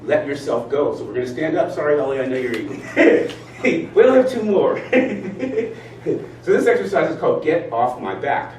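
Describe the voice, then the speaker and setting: A man giving a motivational talk, animated as he leads his audience in spoken exercises. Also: fairly high pitch, normal speed. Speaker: speaker leading a talk. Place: event room with audience. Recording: roomy sound from far off, faint noise.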